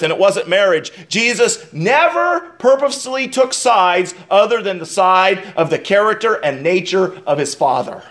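A man preaching a sermon as pastor, emphatic, asking rhetorical questions and dropping to quiet asides. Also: high voice.

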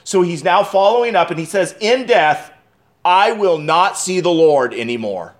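A man delivering an expository sermon as pastor, preaching emphatically with dramatic pauses and restarts. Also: high-pitched, lively intonation.

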